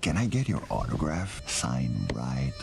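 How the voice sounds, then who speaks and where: An actor voicing Death as a menacing male wolf in an animated film, in a deep, gravelly, drawn-out voice. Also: full character voice. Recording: film clip with faint music.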